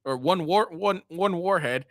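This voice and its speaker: A man's voice: sits high, unhurried, no room sound, studio quality. A man giving crude, mocking reaction commentary, swearing and laughing as he talks. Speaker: commentary streamer.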